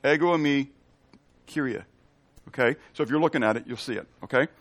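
A man's voice: medium pitch, brisk, no room sound. A man preaching a teaching sermon in a conversational way, often checking in with "okay?" and explaining Hebrew and Greek terms. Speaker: pastor.

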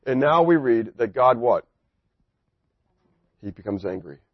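A man preaching a sermon, animated, asking the congregation questions and acting out quotes. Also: medium pitch, a little slow, no room sound. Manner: animated, asks the audience questions, acts out quotes. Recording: dry, dull lo-fi recording.

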